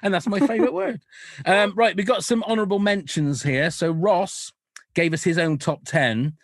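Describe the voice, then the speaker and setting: A man's voice: high-pitched, moderate pace, no room sound, clean studio sound. A man co-hosting a podcast in casual, jokey banter, laughing often and mimicking swear words. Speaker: podcast co-host.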